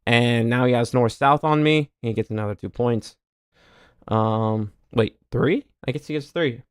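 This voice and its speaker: A male streamer talks through replays of his own grappling matches in a mid-range voice, recorded dry and close. He walks through each move patiently, mutters his asides, and flares up loud and exasperated when he recounts a chance he missed. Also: measured pace, clear, resonant tone, no echo. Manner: explains techniques step by step, turns loud and heated over his own mistakes; drops to a low mutter on asides. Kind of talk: casual commentary reviewing his own match footage.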